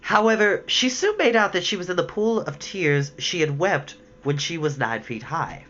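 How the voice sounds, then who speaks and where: Low-voiced woman reading a storybook. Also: normal speed. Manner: expressive, adds casual asides. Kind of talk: reading a children's book aloud. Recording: dull lo-fi with faint hiss.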